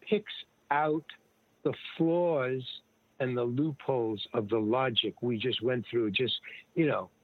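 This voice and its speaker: A man's voice: medium pitch, slow. An older man, a guest actor and comedian, telling stories in a casual, rambling way and acting out the dialogue he quotes. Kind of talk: casual conversational storytelling. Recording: tinny dry phone-like line.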